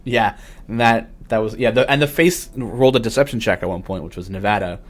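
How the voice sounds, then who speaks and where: Man, lowish voice, casual stream host, loose chatty delivery, lots of fillers. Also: a little fast. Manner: loose and chatty, many fillers, reads viewer questions. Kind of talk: casual livestream chat.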